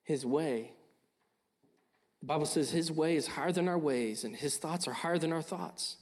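A man's voice: on the high side, normal speed, breathy edge. A young man preaching a sermon, earnest and urging, often repeating his phrases. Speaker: pastor.

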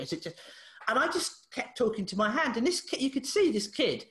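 A woman, a therapist guest on a podcast, telling a story in a lively way, acting out the dialogue and laughing often. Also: on the high side, fast talker. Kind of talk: animated storytelling in an interview. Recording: echoey room.

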